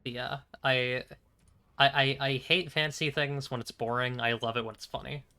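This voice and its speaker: Young male streamer, bright tone, loose casual chat, halting and chuckly. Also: medium pitch, fairly even intonation. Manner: rambling, hesitant, lots of fillers and restarts, chuckling. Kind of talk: casual chat while playing a game.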